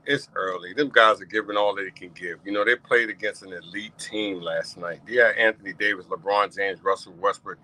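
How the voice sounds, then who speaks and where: A man's voice: on the low side, steady tone, fairly quick, few pauses, sharp tone, poor audio. A man hosting his own talk show, repeating himself as he thanks his audience with feeling. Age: 50s. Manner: emotional, repeats phrases, heartfelt thanks. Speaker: podcast host. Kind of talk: casual solo talk show.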